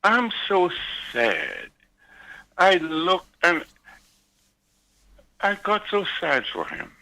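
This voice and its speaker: A man's voice: sits high, huge pitch swings, extremely slow, vocal fry, pushed and bright, poor audio. An older man calling in to a radio show, pleading earnestly and repeating "sir". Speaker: caller. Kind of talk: pleading call-in remarks.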